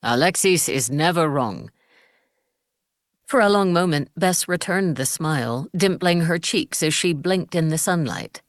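A woman narrating an audiobook in an even storytelling manner. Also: on the low side, moderate pace, hardly any pauses, no echo, clean studio sound. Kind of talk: scripted narration.

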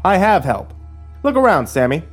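A man's voice: high-pitched, big pitch swings, normal speed, faint music behind, voice pushed up. A man voicing a cruel middle-aged male sheriff in a horror story, speaking with a mocking, contemptuous drawl.

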